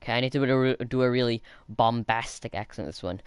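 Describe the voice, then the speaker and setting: A man's voice: medium pitch, fast, hardly any pauses, clear, resonant tone, no room sound. A man streaming a video game who chats with viewers and makes sarcastic jokes between passages he reads aloud. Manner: joking, chats back to viewers; sarcastic asides. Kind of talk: casual let's-play commentary, reading game bios aloud.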